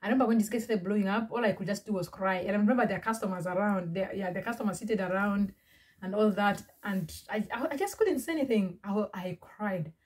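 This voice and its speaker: Husky-voiced woman telling a story. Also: mid-range voice, fast talker, darkish tone. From Uganda. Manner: chatty, repetitive, with many restarts and fillers. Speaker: vlogger. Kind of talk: storytime vlog.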